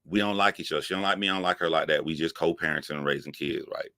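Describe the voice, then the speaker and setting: A man telling a profane comic story, animated and laughing, jumping up in pitch for emphasis. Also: racing, no echo, studio quality. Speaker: comedic storyteller.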